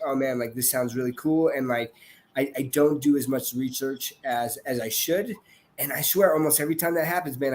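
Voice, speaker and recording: Reflective man on a podcast. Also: medium pitch. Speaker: podcast panelist. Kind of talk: casual podcast chat.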